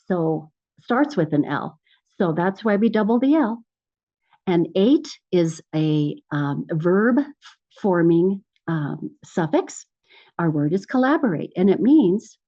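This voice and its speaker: A woman's voice: fairly low pitch, dark tone, dull audio. A woman presenting a teacher-training webinar in an enthusiastic classroom style, often checking in with "right?". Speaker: literacy educator presenting a webinar.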